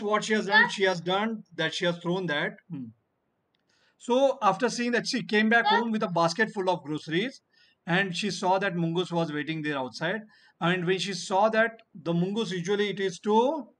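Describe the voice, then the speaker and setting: Male teacher, fairly high voice, online class, explains by repeating and answering his own questions. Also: fairly bright tone.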